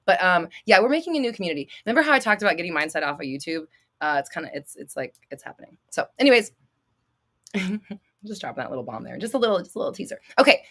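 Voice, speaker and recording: A woman's voice: fairly low pitch, very animated, a little fast, a bit bright. A woman in her thirties hosting a livestream, answering viewers' questions with blunt, swearing, dramatic outbursts and laughter. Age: 30s. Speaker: host.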